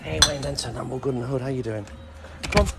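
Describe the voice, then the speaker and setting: A man's voice: medium pitch, fast, creaky, very noisy. A man chatting casually on a live stream, greeting viewers by name. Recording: music playing in the background. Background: music.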